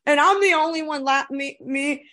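Animated, cursing middle-aged woman storyteller. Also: sits high, normal speed. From United States. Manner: animated, profane storytelling with many fillers. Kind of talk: casual podcast chat.

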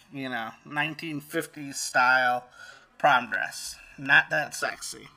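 A man's voice: on the high side, sharp tone. A middle-aged man reading a first-person story aloud in a plain-spoken way, with small fillers and restarts. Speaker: story reader.

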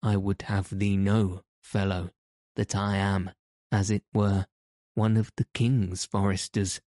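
A man reads the part of a big, blustering outlaw forester who boasts and threatens in archaic speech. The voice is low, flat and slow, with a mellow, dry close sound. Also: dry recording. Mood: angry.

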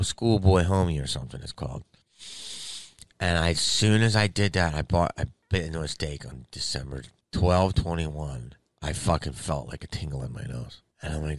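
A comedian, currently sick with covid, telling a rambling, heavily profane story in a casual monologue. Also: male voice, rumbling low, no echo. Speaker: stand-up comedian.

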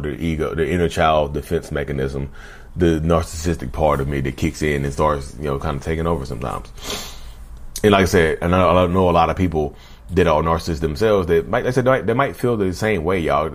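A man with a very low voice talks straight to his viewers. He keeps the tone casual and conversational and often calls them "y'all". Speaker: vlogger talking about narcissism. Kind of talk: casual direct-to-camera monologue.

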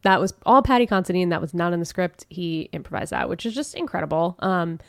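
A woman's voice: fairly low pitch, fast, vocal fry, dry recording. Chatty woman podcast host, dry close sound. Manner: animated, retells scenes with acted-out quotes. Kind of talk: casual recap chat.

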